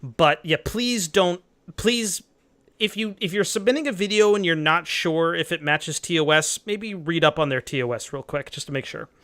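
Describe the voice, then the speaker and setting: Brief: young man, livestream host, loose profane rambling, slightly high voice. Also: normal speed, dry recording. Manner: rambling, profane, loud reactions. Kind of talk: casual live stream chat.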